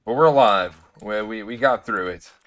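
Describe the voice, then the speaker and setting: A man's voice: fairly low pitch, moderate pace, a bit bright. A man talking to himself as he plays a computer game, rambling and hiccuping now and then. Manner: rambling, self-talking, hiccuping through the session. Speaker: gaming streamer. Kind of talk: casual gameplay commentary.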